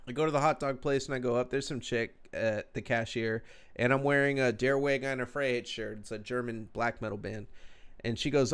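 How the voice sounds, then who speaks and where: A man with a smooth, resonant voice tells a long, meandering story. He swears freely and keeps the tone laid-back. He sounds a little tipsy, speaking over a video call. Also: mid-range voice, steady tone, normal speed. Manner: profane, rambling, laid-back. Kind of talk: casual storytelling chat.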